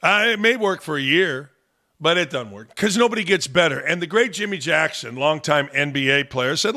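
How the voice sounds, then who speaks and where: A man's voice: a little high, expressive, moderate pace, bright, forceful tone. A man hosting a sports talk show, giving blunt, combative opinions. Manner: blunt and combative, talks back to the audience.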